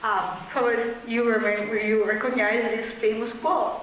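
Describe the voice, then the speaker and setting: A woman's voice: fairly high pitch, little pitch movement, fairly bright tone, recorded from a distance, slight background noise. Italian-accented woman lecturing in an echoey hall. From Italy. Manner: enthusiastic, halting non-native phrasing. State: jet-lagged. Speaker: guest lecturer, astrobiologist. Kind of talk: public science lecture.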